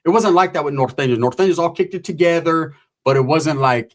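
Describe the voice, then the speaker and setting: Man, profane casual storytelling, rambling, slangy, slightly high voice. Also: fairly quick.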